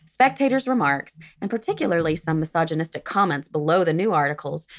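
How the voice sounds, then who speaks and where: A woman's voice: deep voice, animated, brisk. A woman podcast host reading a prepared history segment with dry, sardonic asides.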